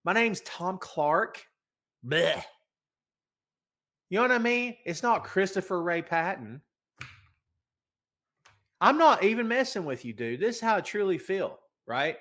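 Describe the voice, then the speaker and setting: A man's voice: sits high, big pitch swings, a little slow, long pauses, a bit bright. A middle-aged man hosts a casual wrestling podcast, stuffy with a head cold. He rambles and jokes his way through the news. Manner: rambling, joking, talks to a co-host. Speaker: podcast host.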